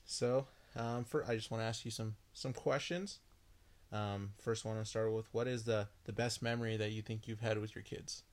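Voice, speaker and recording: A man hosting a podcast, interviewing his mother in casual chat, with many halting restarts. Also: fairly low pitch, steady tone. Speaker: podcast host.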